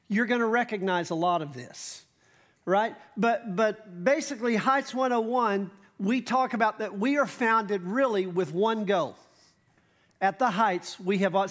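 High-voiced pastor preaching casually. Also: male voice. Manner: conversational preaching with asides and emphatic slowdowns. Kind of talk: sermon. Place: church stage.

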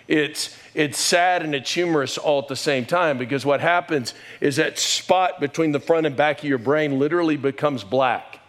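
A middle-aged man delivering a sermon in an emotional storytelling manner. His voice sits at an ordinary pitch for a man. He lifts his pitch and volume when he quotes others. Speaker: pastor.

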